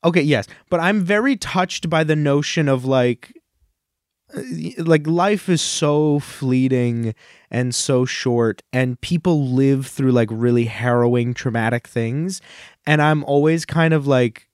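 A man's voice: mid-range voice, a little slow, dry recording, clean studio sound. A man co-hosting a podcast in casual chat, gushing and rambling with many fillers, choked up and tearful. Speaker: podcast co-host.

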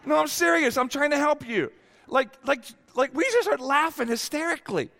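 Male pastor in his 50s, high voice, sermon with long hall reverb, candid storytelling. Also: lively intonation, moderate pace, vocal fry. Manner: candid storytelling, swings from hushed to exclaiming.

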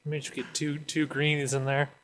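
Chatty man with a slightly high voice. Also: monotone, brisk, a bit bright. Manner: chatty, detailed, amused. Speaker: co-host. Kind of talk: casual podcast snack review.

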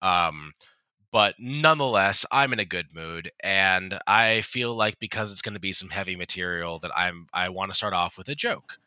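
A man co-hosting a casual podcast, telling a long joke with restarts, asides and swearing. His voice is low and very bright, almost tense. The sound is dry and a little dull. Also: normal speed, dry recording. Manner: rambling storyteller with many restarts and swearing. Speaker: podcast co-host.

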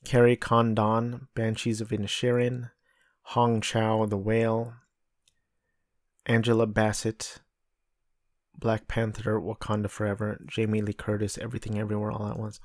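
A man's voice: fairly low pitch, monotone, normal speed, darkish tone, no echo, studio quality. A man chatting casually and bluntly, thinking aloud and running through a list of nominees. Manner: blunt, offhand, swears. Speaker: host. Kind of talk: casual chat.

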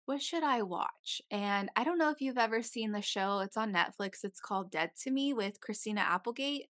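A woman's voice: mid-range voice, expressive, moderate pace, a bit bright. A young woman co-hosting a podcast, chatting casually and telling a long story full of "like" and swearing. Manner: chatty, swears freely, tells stories with lots of "like". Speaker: podcast co-host. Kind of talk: casual chat.

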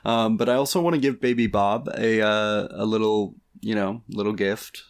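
A man's voice: lowish voice, fairly even intonation, moderate pace, gravelly, smooth. A man co-hosting a podcast, chatting casually in a laid-back, rambling way and giggling often. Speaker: podcast co-host. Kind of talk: casual comedic chat.

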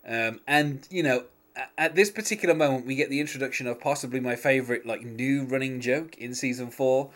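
A man's voice: mid-range voice, a little fast, fairly bright tone. A man chatting casually on a podcast, laughing often and talking with lots of fillers and restarts. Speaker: podcast host. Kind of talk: casual chat recapping a TV episode.

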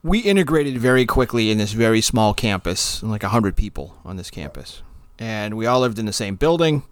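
A man's voice: fairly low pitch, moderate pace, smooth, dry recording. A middle-aged man from Massachusetts with a faint Boston-area accent, co-hosting a podcast and telling stories in a chatty way. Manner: chatty, animated storyteller. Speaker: podcast co-host. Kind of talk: casual storytelling.

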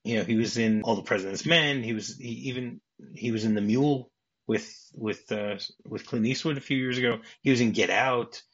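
A man's voice: medium pitch, normal speed, breathy edge. A man on a podcast as a guest, casually recounting a film script in a rambling way, with frequent restarts, acting out the quoted lines. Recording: dull lo-fi podcast audio.

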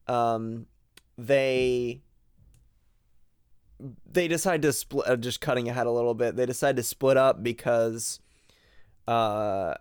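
A man's voice: medium pitch, takes it slowly, long pauses, smooth, no room sound, clean studio sound. A man co-hosting a podcast, casually recapping a video game's story and reading out characters' lines with comic asides. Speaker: podcast co-host.

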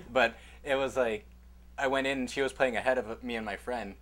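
A man's voice: mid-range voice, steady tone, moderate pace, a bit bright. A young man as guest co-host, answering in short, sheepish, easygoing replies during a casual chat.

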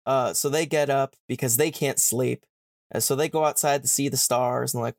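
A man's voice: medium pitch, fairly even intonation, creaky, no room sound, clean studio sound. A man hosting a podcast, casually retelling a book's plot, with swearing and slangy paraphrased dialogue. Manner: irreverent, swears, paraphrases characters in quick modern slang. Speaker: podcast host.

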